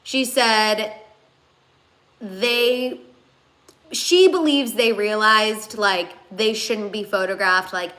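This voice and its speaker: A woman's bright, forward voice carries a loose, rambling livestream chat full of fillers. She is emotional and teary as she reads out viewer comments. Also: mid-range voice, extremely slow, long pauses. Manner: chatty and rambling, many fillers. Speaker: host.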